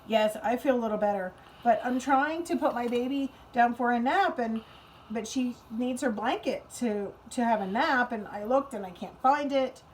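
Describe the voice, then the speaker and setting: A woman voicing a fretful female puppet who is caring for a toy wombat and talks in a high, anxious, pleading way. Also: moderate pace, a little hiss or hum, natural voice. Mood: calmer.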